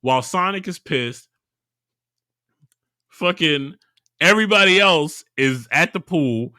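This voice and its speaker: A man's voice: a little high, measured pace, clear, resonant tone, no echo, studio quality. A man co-hosting a casual podcast, retelling a story with lots of laughter and acted-out voices. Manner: animated storyteller, laughs a lot, acts out characters. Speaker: podcast co-host. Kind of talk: casual chat.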